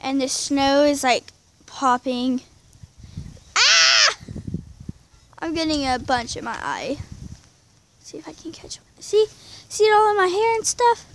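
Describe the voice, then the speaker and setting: A young woman, chatting excitedly to her phone camera outdoors in falling snow, full of "y'all" and "like". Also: high-pitched, moderate pace. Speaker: vlogger. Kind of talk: casual outdoor vlog. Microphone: handheld phone camera. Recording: noisy outdoor phone recording.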